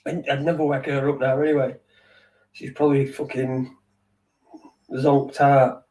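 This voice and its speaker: A man's voice: medium pitch, little pitch movement, measured pace, dark tone. A middle-aged man, rambling in sweary, wry late-night chat as a podcast host, heard from a little way off the mic. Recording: distant from the mic.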